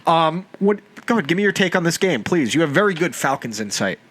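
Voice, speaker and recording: A man's voice: on the high side, big pitch swings, quick pace, a bit bright, a little hiss or hum. A young man hosting a casual sports podcast, ranting and mocking teams with heavy profanity. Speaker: podcast host.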